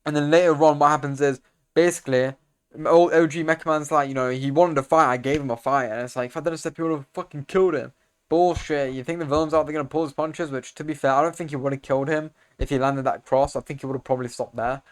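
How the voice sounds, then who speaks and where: Rambling young man with a smooth voice. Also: mid-range voice, fast. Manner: rambling, slangy, self-correcting, gets loud and excited over fight scenes. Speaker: video creator explaining comics. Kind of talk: casual comic recap commentary.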